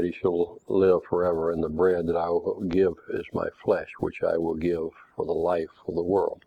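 A man preaching a Bible lesson, measured and reading scripture passages aloud. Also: low voice. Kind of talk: Bible teaching. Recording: tinny phone-like recording.

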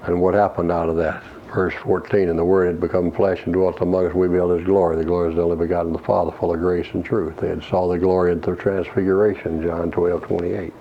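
A man preaching an expository Bible lesson, reading verses slowly and explaining Greek words in a measured way. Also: low voice, little pitch movement. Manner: slow, measured reading of scripture with Greek word study. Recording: dull lo-fi recording with faint hiss.

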